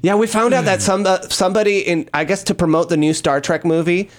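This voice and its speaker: A man's voice: high voice, fairly even intonation, a little fast. A man hosting a podcast, joking and teasing as he reads listener questions. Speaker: podcast host. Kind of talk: casual podcast chat.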